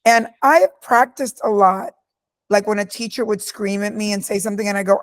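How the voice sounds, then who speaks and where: A middle-aged woman in an interview, telling stories about her life with emphatic, forceful delivery. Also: mid-range voice, a little fast. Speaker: guest speaker. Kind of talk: candid interview answers.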